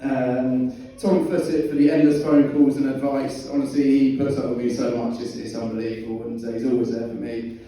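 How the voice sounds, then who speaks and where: A man's voice: mid-range voice, flat delivery, a little fast, hardly any pauses, warm tone. A young man giving his wedding speech as the groom, joking and chuckling through his lines. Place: wedding reception hall. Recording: echoey hall, distant mic, noisy.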